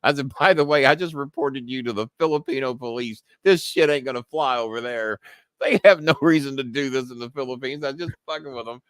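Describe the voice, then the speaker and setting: A man's voice: mid-range voice, fairly quick, fairly bright tone, smooth, no room sound. Man, live-stream host, profane, laughs a lot, dry close sound. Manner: profane, laughing, reading messages aloud. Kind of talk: casual live-stream chat.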